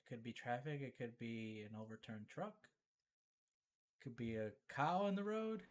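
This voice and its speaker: A man's voice: medium pitch, animated, normal speed. A man co-hosting a casual podcast, teasing and cracking jokes. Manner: teasing, wisecracking. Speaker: podcast co-host. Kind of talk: casual profane podcast banter.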